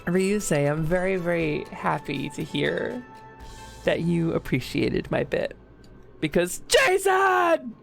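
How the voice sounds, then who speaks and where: A young woman streaming a video game, chatting casually with her viewers, joking around and yelling playful bits. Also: low-pitched, slow, gravelly, faint music behind. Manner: animated, joking, shouts bits and laughs often.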